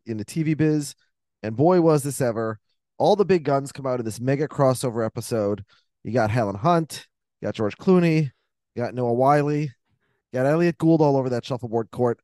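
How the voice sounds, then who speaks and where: A man's voice: medium pitch, a little mellow, no room sound, clean studio sound. A man hosting a casual podcast chat, thinking aloud and rambling between points. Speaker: podcast host.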